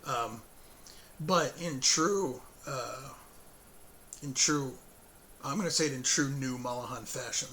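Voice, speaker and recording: Hoarse man rambling on his own show. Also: medium pitch, takes it slowly, pauses often, sharp tone, slight background noise. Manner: rambling, with frequent fillers and self-corrections; chuckles between sentences. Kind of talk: casual spoken update.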